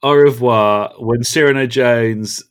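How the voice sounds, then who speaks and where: This man, co-hosting a podcast, speaks slowly and smoothly at a medium pitch. In the relaxed chat he quotes beloved lines with obvious relish, laughing as he goes.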